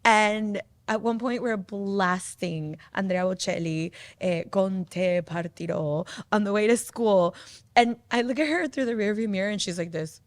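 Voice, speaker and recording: A woman in her thirties hosting a podcast, chatting casually and telling animated stories, acting out what her daughter said. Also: medium pitch, unhurried. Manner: animated storyteller, acts out quotes of her daughter. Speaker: podcast host. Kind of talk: casual chat.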